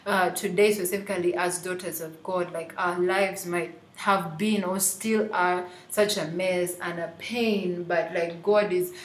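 A woman's voice: on the low side, steady tone, unhurried, few pauses, echoey room, a little hiss or hum. A woman hosting a Christian podcast, talking reflectively with many fillers. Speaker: podcast host.

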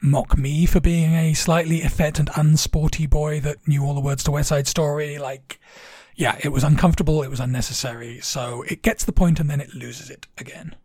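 Earnest, somewhat high-voiced podcast co-host man. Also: fairly even intonation, normal speed, a little mellow, no room sound, studio quality. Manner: earnest, reflective, uses many fillers like "like". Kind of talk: casual podcast chat.

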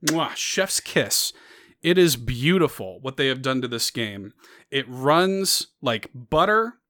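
A man's voice: mid-range voice, a little slow. A man, co-hosting a casual gaming podcast and telling stories with lots of laughs. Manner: animated storyteller, laughs often. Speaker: podcast co-host. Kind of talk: casual chat.

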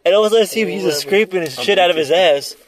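A man's voice: high-pitched, very fast, a crowd in the background. A young man chatting crudely with friends, rambling and swearing, often repeating himself and laughing mid-story. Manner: rambling, swears a lot, repeats words, laughs while telling stories. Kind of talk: crude casual chat among friends.

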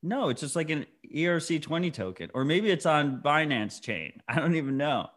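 A man's voice: on the high side, big pitch swings, moderate pace, fairly bright tone. A man in his thirties co-hosting a podcast, blunt and heated, swearing often in casual chat. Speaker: podcast co-host.

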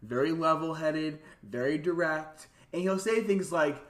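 A young man co-hosting a casual political chat, chatty and quick to laugh, with mocking asides. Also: fairly high pitch. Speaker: podcast co-host.

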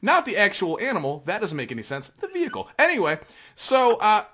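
A man co-hosting a casual podcast, piling up profane, rambling anecdotes full of restarts and quick laughs. His voice sits a little high and rings bright and forceful. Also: big pitch swings. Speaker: podcast co-host. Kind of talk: casual gaming chat.

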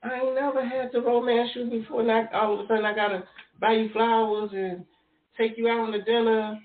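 A man's voice: very high-pitched, little pitch movement, a little fast. A man co-hosting a podcast, arguing in casual, profane chat and talking over his co-host. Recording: echoey room, tinny phone-like sound.

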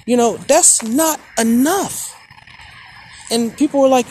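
A man in his forties from Maryland hosting a podcast, talking candidly and emotionally in slangy speech, swinging from quiet to heated. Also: extremely high pitch, slow, pauses often, a little hiss or hum. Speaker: podcast host. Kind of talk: personal monologue.

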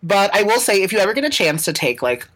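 A woman at a middle pitch, chatting as a podcast host. She rambles through her story with constant fillers and restarts, swearing casually and laughing as she goes. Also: very animated, fast talker, a bit bright, poor audio.

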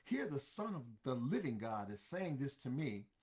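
A man's voice: mid-range voice, big pitch swings, normal speed, darkish tone. A man preaching a sermon, drawing out each scripture phrase and then repeating it in plain words.

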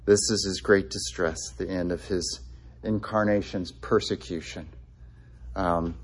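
Low-voiced guy giving a sermon, lots of ums and restarts. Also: fairly even intonation, a little slow, breathy edge. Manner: conversational, many "um"s and restarts; quotes scripture with feeling. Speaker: pastor.

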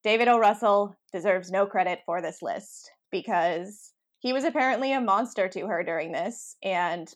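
A young woman co-hosting a podcast, chatting casually and laughing often between quick asides. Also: medium pitch. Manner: giggly, animated, talks in quick asides. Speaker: podcast co-host. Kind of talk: casual chat.

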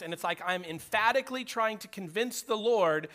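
A man's voice: high-pitched, lively intonation, normal speed, few pauses, pushed and bright. A middle-aged man preaching a sermon in a conversational way, acting out prayers and dialogue as he speaks. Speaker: pastor.

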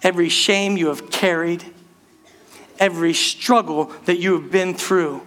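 A man preaching a sermon to his church, animated and calling out to the congregation, rushing some phrases and drawing others out. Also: high-pitched. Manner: animated preaching, speeds up and slows down, calls out to the church. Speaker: pastor.

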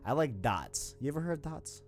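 A man's voice: mid-range voice, sing-song, fairly quick, soft background music. A man in his twenties with a New York accent, hosting a podcast in a rambling, slangy, casual way. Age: 20s. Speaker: podcast host. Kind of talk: casual chat.

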